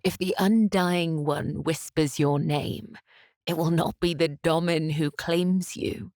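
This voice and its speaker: An actress playing a cold female death cultist, measured and chillingly polite. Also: low-pitched, fairly even intonation, darkish tone, no room sound, studio quality. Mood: menacing. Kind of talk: video game voice acting.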